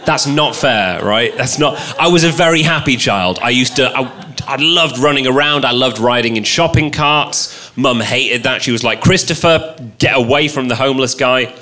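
A young British man performing a self-deprecating stand-up comedy set, telling stories in a dry, deadpan way before a live audience. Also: medium pitch, normal speed, few pauses. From Britain.

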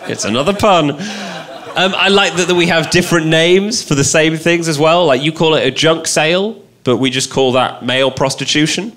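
A young British man performing a self-deprecating stand-up comedy set, telling stories in a dry, deadpan way before a live audience. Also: fairly high pitch, normal speed, hardly any pauses. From Britain.

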